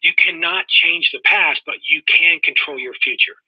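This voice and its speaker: An impatient older business mentor barks short orders in a raised, husky voice, as a man puts him on. The sound is dull and lo-fi, like a webinar recording. He keeps cutting in, blunt and firm. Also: a little high, normal speed, no room sound. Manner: shouting, cutting in.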